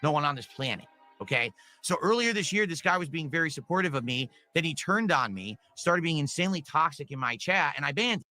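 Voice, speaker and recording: A man's voice: a little high, lively intonation, brisk, pushed and bright, soft background music. A man streaming to his chat, complaining defensively about a viewer he banned.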